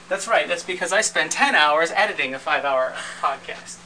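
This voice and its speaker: A man hosting his podcast, casually walking through his recording and editing setup in a relaxed, rambling way with frequent restarts. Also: a little high, normal speed, a little hiss or hum, low-quality recording. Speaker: podcast host and editor. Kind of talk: casual gear walkthrough.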